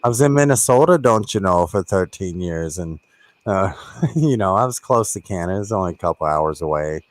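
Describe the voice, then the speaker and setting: A man's voice: low voice, animated, fairly quick, no room sound. A man from Kentucky and Florida hosting a casual live stream chat, laughing often and telling stories with animation. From born in Kentucky, raised in Florida. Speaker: host.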